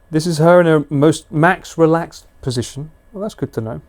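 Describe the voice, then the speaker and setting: A man's voice: fairly high pitch, moderate pace, hardly any pauses, darkish tone. A British man chatting casually and slangily with viewers on a live stream. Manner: chatty, laid-back, slangy.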